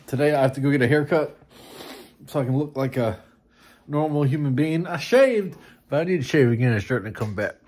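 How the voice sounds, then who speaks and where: A man's voice: mid-range voice, lively intonation, a little fast, a little mellow. A man in a casual vlog, rambling and joking about himself as he goes about his day in a town in winter. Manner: rambling, self-mocking, chatty. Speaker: vlogger.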